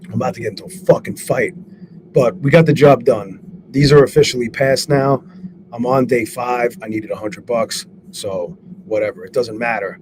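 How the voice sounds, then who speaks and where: A man on a live stream, swearing a lot and talking excitably while he reads out viewers' names and goes over his trades. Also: mid-range voice, normal speed. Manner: profane, excitable, shouts out chat viewers. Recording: steady background noise.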